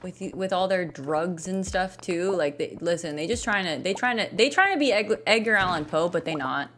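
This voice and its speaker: A woman's voice: on the low side, animated, moderate pace, a bit bright, slight background noise. A young woman casually chatting and joking while playing a farming game, rambling and self-deprecating. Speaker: gaming streamer. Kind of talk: casual gameplay commentary.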